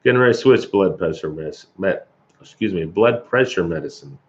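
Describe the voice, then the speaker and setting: Guy shooting the breeze on a livestream, lowish voice, bit of a cough, muffled audio. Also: animated, a little fast. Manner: laid-back, chuckling, greets viewers by name. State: occasional cough. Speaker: livestream host. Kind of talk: casual livestream chat. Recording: dull lo-fi stream audio.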